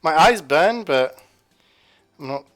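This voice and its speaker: A man's voice: a little high, expressive, slow, fairly bright tone. A man streaming from his home kitchen, rambling casually to his chat as he cooks. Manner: rambling, chatty, talking to chat while cooking.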